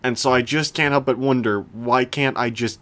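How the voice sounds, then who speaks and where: A young man co-hosting a casual podcast chat, rambling with lots of restarts and animated rants. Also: mid-range voice, moderate pace. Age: young adult. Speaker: podcast co-host.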